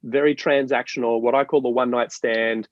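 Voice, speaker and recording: A man from Australia, a guest in an interview, explaining ideas in an animated, storytelling way with many restarts. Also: mid-range voice, normal speed, no echo, muffled recording. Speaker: marketing guest. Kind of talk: interview conversation.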